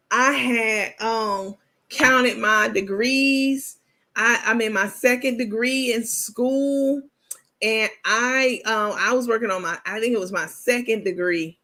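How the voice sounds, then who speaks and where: A woman's voice: mid-range voice, a bit bright. A woman host talking casually and candidly to her viewers, calling them baby and y'all and bragging on herself. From New York.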